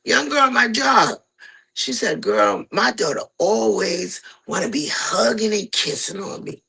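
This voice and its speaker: A middle-aged woman spins a personal story in easy, casual chat and slips into the voices of the people she quotes. Her voice is gravelly and husky, with a bright, pressed edge. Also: mid-range voice, a little slow, low-quality recording. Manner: animated, acts out quoted voices. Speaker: guest telling her story.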